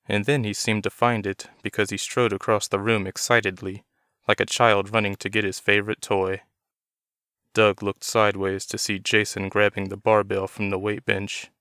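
A man reading a novel aloud as narrator, in a steady, measured storytelling manner. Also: on the low side, clean tone, no echo, clean studio sound.

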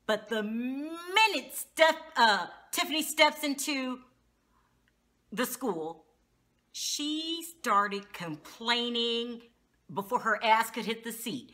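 A woman's voice: fairly high pitch, pushed and bright. A woman recapping a reality TV episode in a casual vlog, outspoken and slangy, with frequent exclamations. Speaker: TV show reviewer.

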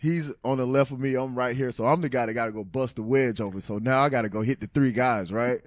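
A man in his thirties from Tennessee, a former pro football player telling stories as a guest in a casual interview, animated and laughing often. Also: mid-range voice, quick pace, no room sound, studio quality.

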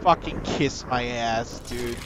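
A man's voice: medium pitch, takes it slowly, heavy background noise. A young man streaming a game, ranting, exasperated and cursing at it. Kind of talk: frustrated gameplay commentary.

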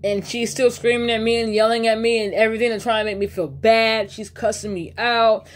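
A woman's voice: on the high side, steady tone, brisk. A woman telling a personal story in a casual storytime vlog, rambling, cursing freely and correcting herself mid-sentence. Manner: rambling, profane, uses slang fillers; restarts and self-corrections.

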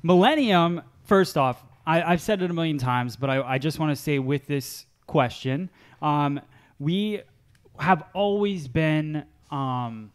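A man with a somewhat higher voice hosts a relaxed podcast chat. He is easygoing and agreeable and often chimes in while his co-host talks. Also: slow, smooth.

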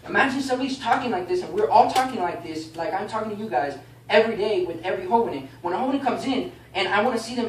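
A man teaching a baptism class in a casual, animated way, often asking "okay?" and "you know?". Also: sits high, fast talker. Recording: echoey room, mic far off, faint noise.

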